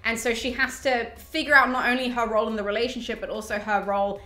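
Bright chatty young woman with a cold. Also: a little high, little pitch movement, fast, roomy sound. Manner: chatty, upbeat, lots of "like" fillers. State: has a cold, voice cracking. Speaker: book review channel host. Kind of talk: casual chat to camera.

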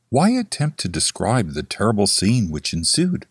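A man's voice: on the low side, huge pitch swings, moderate pace, few pauses, slightly rough, dry recording, clean studio sound. A man narrating a classic story as an audiobook, in a theatrical reading style. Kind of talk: scripted horror story narration.

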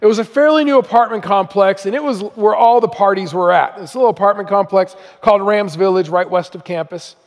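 A middle-aged man from Southern California, a missionary guest speaker telling his story in a conversational, humorous sermon. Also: high voice. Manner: conversational, humorous, self-deprecating. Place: church auditorium. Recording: long hall reverb.

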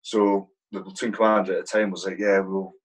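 A man's voice: low voice, level tone, fast, breathy edge, low-quality recording. A man guesting on a podcast, telling army stories in a rambling, swear-filled way, calling the host "mate" constantly. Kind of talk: casual storytelling.

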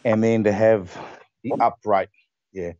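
A male actor chatting as a guest on a live stream, telling his stories in an animated, emphatic way. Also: on the low side, measured pace, dry recording, muffled recording. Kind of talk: casual interview chat.

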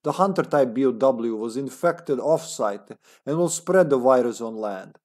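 A man's voice: medium pitch, lively intonation, moderate pace, a little mellow. A man doing a mock-Russian terrorist. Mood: solemn. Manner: solemn, reading aloud with a put-on comrade accent. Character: grim male terrorist agent writing a diary. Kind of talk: reading game text aloud.

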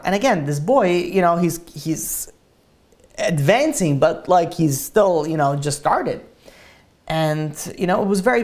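A woman's voice: low voice, a little mellow. A woman giving an earnest sermon-style talk, telling stories with many restarts and acting out the quotes. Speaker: speaker giving a Tisha B'Av talk. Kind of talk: sermon with storytelling.

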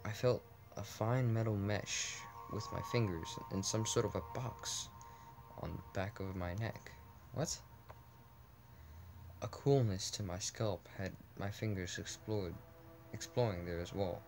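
Man, low-ish voice, casual game reading, stumbling restarts, asides, faint background music. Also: measured pace. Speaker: let's play gamer reading aloud.

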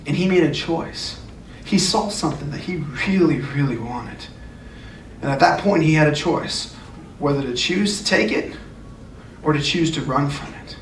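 A man's voice: on the high side, normal speed. A man preaching a sermon as a youth pastor, earnest and emphatic, often repeating his phrases. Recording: echoey room, distant mic, faint noise.

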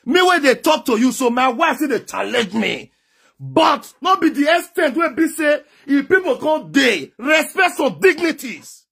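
A man's voice: very high voice, very animated, unhurried, creaky, fairly bright tone. A man with a Nigerian Pidgin accent giving emphatic, lecturing advice to camera, often raising his voice. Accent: Nigerian Pidgin English. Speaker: social media commentator. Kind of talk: direct-to-camera advice monologue.

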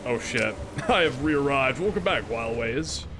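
A man streaming a game with friends, talking casually and excitably, swearing and laughing often. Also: mid-range voice, measured pace, noisy background. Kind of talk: casual gaming stream commentary.

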